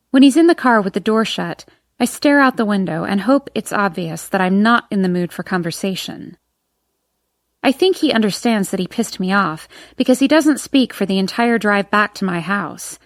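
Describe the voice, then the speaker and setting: First-person audiobook narrator: woman, expressive, mid pitch, dry close studio sound. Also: no echo.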